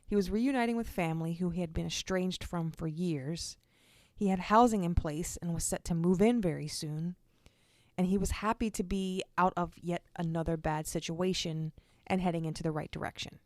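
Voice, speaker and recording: A woman's voice: lowish voice, moderate pace, darkish tone, no room sound. A woman hosting a true crime podcast, narrating the case in an earnest, direct way and speaking to her listeners. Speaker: podcast host.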